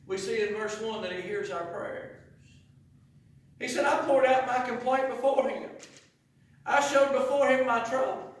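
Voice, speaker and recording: A man preaching a sermon as pastor, rising to impassioned shouts and dropping low again. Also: unhurried, long pauses. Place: church sanctuary. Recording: echoey church from far off.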